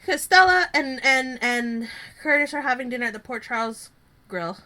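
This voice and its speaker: A woman co-hosting a podcast, chatting casually and retelling scenes with quick acted-out lines. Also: sits high, animated, bright, forceful tone. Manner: chatty, acts out characters' lines while retelling. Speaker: podcast co-host. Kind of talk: casual chat recapping a soap opera.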